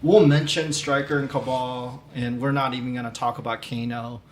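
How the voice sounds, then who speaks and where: A man in a casual movie podcast chat, emphatic and quick to agree. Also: mid-range voice, steady tone. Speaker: podcast co-host. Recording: roomy with light hiss.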